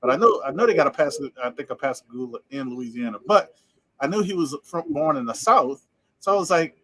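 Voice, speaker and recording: A man co-hosting a podcast in casual chat, talking fast and running words together, laughing often. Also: mid-range voice, animated, fairly bright tone, dry recording, rough recording. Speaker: podcast co-host.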